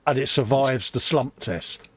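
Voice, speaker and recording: A man's voice: medium pitch, a little slow, husky. A middle-aged man with a southern English accent, co-hosting a casual live stream and bantering matily with his friend. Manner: matey banter, calls his friend "mate". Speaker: co-host.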